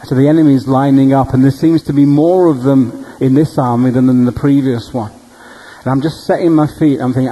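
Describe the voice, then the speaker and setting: A male preacher telling dream stories in a sermon, animated and humorous. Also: medium pitch, fairly quick, poor audio. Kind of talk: storytelling sermon.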